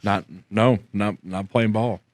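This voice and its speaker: A man co-hosting a podcast, chiming in with short quick replies and laughing along. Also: on the low side, fairly even intonation. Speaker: podcast co-host. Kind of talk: casual chat.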